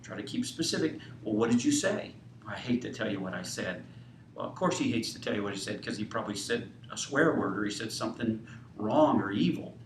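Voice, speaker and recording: Male counseling instructor, deliberate, acts out client exchanges; distant mic in a reverberant room. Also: fairly low pitch, lively intonation, slight background noise. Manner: deliberate teacher, quotes client dialogue, many fillers. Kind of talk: lecture with case role-play.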